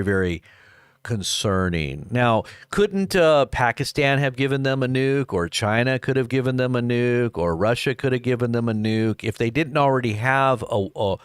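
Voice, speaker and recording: A man's voice: medium pitch, clean tone, dry recording, clean studio sound. Rambling American man hosting live commentary. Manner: rambling, many fillers and restarts. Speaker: live news commentary host.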